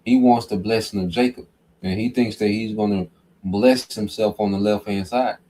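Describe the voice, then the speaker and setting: Male bible teacher, low voice, chatty, keeps asking "okay?". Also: steady tone, normal speed, mellow, a little hiss or hum. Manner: conversational, peppered with "okay?" and "man". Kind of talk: informal scripture teaching.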